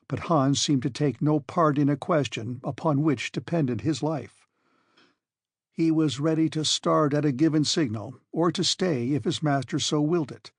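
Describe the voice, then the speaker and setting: A male audiobook narrator telling an adventure novel in a steady, measured way. His voice is fairly high and husky. The sound is close and dry. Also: no room sound. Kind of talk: scripted narration.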